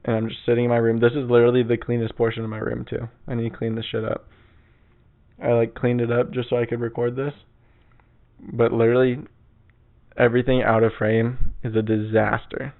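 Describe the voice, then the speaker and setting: Gravelly young man, rambling crude podcast. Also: medium pitch, monotone, a little fast. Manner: rambling, crude, laid-back. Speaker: podcast host. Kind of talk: casual solo podcast storytelling. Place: his bedroom. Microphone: old mic on a stand. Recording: tinny phone-like sound.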